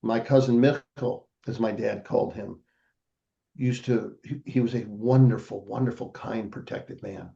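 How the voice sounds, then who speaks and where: A man's voice: fairly low pitch, fairly even intonation, measured pace, creaky, mellow, highs cut off. An older man, a podcast guest, telling a family story in a casual interview and acting out the voices of the people in it.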